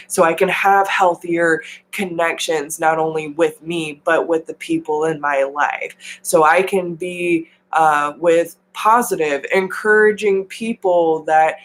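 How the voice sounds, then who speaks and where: Slow-talking tarot reader on a live stream. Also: medium pitch, fairly even intonation, rough recording. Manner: warm-hearted, affirming, casual with slang and mild swearing. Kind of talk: casual live spiritual coaching talk.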